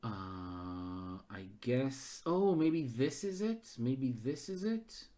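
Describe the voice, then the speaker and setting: A man runs a gamebook live, thinking out loud as he maps the route. His voice swings widely in pitch around a middle register, and he gets excitable. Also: extremely slow. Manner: thinks aloud, excitable and animated. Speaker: game master. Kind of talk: live-streamed gamebook narration.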